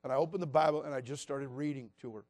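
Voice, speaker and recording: A man preaching a sermon as pastor, passionate, moving between loud appeals and hushed, quiet passages. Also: mid-range voice, fast, no echo, clean studio sound.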